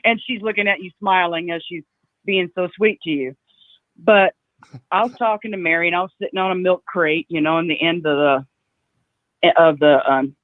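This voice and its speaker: Female caller on a phone line, emotional storyteller, halting with lots of "you know", thin tinny sound, dry. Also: low voice, no echo. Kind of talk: emotional storytelling on a call-in show.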